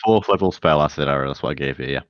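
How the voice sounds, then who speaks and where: A man running a tabletop game as game master, giving rulings in a relaxed, conversational way. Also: rumbling low, racing, lo-fi sound.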